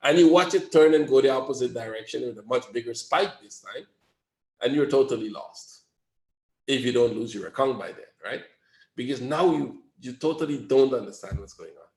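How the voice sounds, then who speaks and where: A man of middle pitch leads a trading webinar, talking loosely and tossing out rhetorical questions to his listeners. Now and then he acts out a panicking trader. His voice rings in a roomy, echoey space. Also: moderate pace, a little mellow. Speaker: trading instructor. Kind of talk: webinar lesson.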